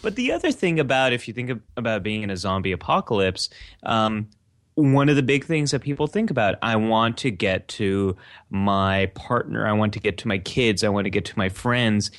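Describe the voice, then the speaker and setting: A man's voice: on the low side, lively intonation, moderate pace, a bit bright, no room sound, studio quality. A man hosting a podcast, chatting casually and musing in an earnest, thoughtful way. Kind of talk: casual chat.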